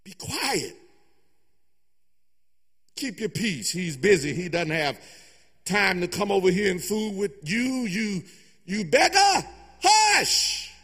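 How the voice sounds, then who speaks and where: Man doing annoyed townsfolk shushing a beggar, bright and scornful. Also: sits high, very animated, slow pace, long pauses, slightly rough, long reverb tail, exaggerated voice. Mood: scolding. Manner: scolding, dismissive.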